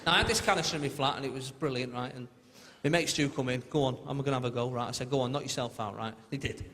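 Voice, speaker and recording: A man's voice: medium pitch, rapid-fire, heavy background noise. A man doing a stand-up comedy routine, chatty storytelling with mimicked voices, recorded live in a large theatre. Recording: live theatre with long reverb and loud crowd. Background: loud audience laughter.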